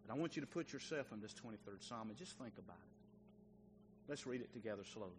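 Folksy preacher in a reverberant church. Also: male voice, on the low side, lively intonation, brisk. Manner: folksy, talks directly to the congregation. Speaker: pastor. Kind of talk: sermon. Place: church sanctuary. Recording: long church reverb, faint noise.

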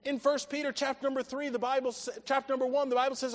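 A man delivers an emphatic sermon in a church hall, quoting scripture with earnest weight. His voice sits very high, and a long hall reverb follows each line. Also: flat delivery, fast, few pauses. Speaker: preacher.

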